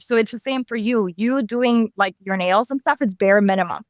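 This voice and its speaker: A woman guest on a podcast interview, speaking in an animated way and acting out voices in her stories. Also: fairly high pitch, normal speed, few pauses, no echo, clean studio sound. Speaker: guest, mentor. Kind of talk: casual interview chat.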